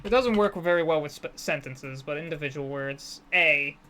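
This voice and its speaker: A streamer with a sharp-toned, mid-range voice chats casually at normal speed while gaming, rambling, putting himself down and often restarting his sentences.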